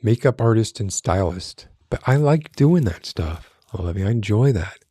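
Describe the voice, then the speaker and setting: A man with a smoky, gravelly voice chatting loosely on a livestream, often breaking off mid-sentence and swearing casually. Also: on the low side, expressive, moderate pace, mellow, dry recording, studio quality. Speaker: streamer. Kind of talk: casual rambling livestream chat.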